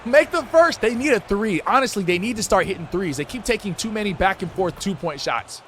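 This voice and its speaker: A man narrating his own basketball video game like a sportscaster, loud and slangy, shouting at big plays. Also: high voice, animated, fairly quick, a little hiss or hum. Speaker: gaming YouTuber. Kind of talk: playful sportscaster-style play-by-play over a video game.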